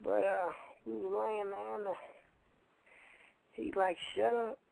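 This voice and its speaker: A man with a high, gravelly voice spins a rambling yarn on a radio show, talking casually and looping back over his own phrases. His voice is close and dry, with no room around it. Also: little pitch movement, slow, a little mellow, no echo, poor audio. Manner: rambling, colloquial, repeats phrases. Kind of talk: casual storytelling.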